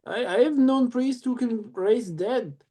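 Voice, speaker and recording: A man speaking slowly in character during a tabletop game, with halting, formal broken phrasing. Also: very high voice, dark tone, husky. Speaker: player. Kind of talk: in-character tabletop role-play.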